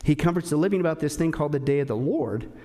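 A man with a high-pitched voice preaches a sermon. He keeps asking his listeners rhetorical questions and stresses his points hard. He drops to a hushed tone for the serious lines. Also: lively intonation, fast talker. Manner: emphatic, rhetorical questions, swings between loud and hushed. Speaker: pastor.

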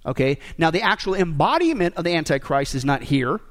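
Emphatic high-voiced male preacher. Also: very animated, fairly quick, fairly bright tone. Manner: emphatic, rhetorical questions to the congregation, joking asides. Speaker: pastor. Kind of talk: sermon.

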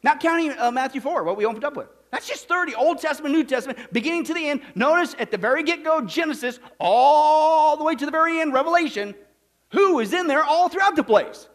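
High-voiced emphatic man preaching a sermon. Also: animated, a little fast. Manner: emphatic, asks the congregation questions. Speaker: pastor.

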